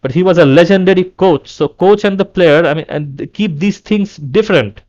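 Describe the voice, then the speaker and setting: A man's voice: sits high, normal speed, a little mellow, lo-fi sound. A man vlogging an angry, repetitive fan rant, often restarting his sentences.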